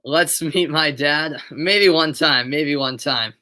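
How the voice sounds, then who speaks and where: A man calling a match live on his own stream, slipping into easy chat with his viewers between plays. His voice sits a little high and rings bright and forward. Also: slow pace. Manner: casual, chatty, answering viewers between plays. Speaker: amateur play-by-play commentator.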